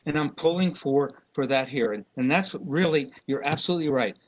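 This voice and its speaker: A man's voice: fairly high pitch, a little fast. A man speaking as an RF engineer at a public meeting, impassioned and apologetic, stopping and restarting often. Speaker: RF engineer consultant. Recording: dull lo-fi meeting recording.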